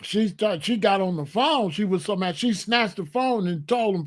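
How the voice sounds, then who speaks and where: A man's voice: high-pitched, expressive, normal speed, few pauses. A man hosting a comedic monologue, preachy and full of rhetorical questions. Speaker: comedian host.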